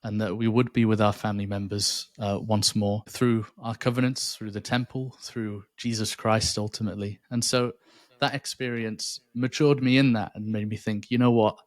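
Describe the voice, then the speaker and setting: A man's voice: lowish voice, level tone, moderate pace, dry recording. A man, a podcast guest speaking thoughtfully and earnestly about his faith, often restarting his sentences. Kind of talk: reflective faith interview.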